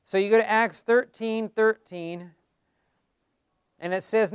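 A man's voice: high voice, steady tone, slow, pauses often, smooth, no echo, studio quality. A man teaching a class on how to give Bible studies, in a conversational way that keeps asking the class questions.

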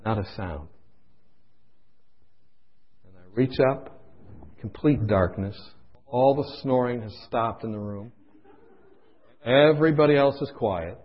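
A man preaching a sermon, impassioned, swinging from hushed storytelling to loud pleading, in a dull lo-fi recording. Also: mid-range voice, slow pace, long pauses.

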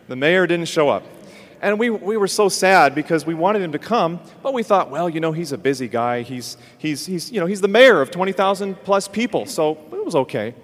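A man hosting a ministry program, telling a lively story and acting out what people said. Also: on the high side, normal speed. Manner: animated storyteller acting out quotes. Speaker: host. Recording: long hall reverb.

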